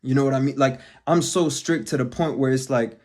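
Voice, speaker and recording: Vlogger man on a rant, swears a lot, blunt and emphatic, mid pitch. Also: fairly quick, darkish tone. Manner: blunt, heavily profane and emphatic. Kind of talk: profane motivational rant.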